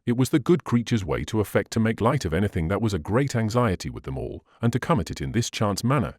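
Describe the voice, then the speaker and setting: A man narrating a classic novel in an expressive reading style. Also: lowish voice, quick pace, hardly any pauses, no room sound, clean studio sound. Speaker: audiobook narrator.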